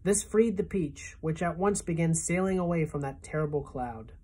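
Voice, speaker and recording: Woman teacher, storybook read-aloud, expressive, husky and low-pitched. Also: normal speed. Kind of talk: reading a children's novel aloud.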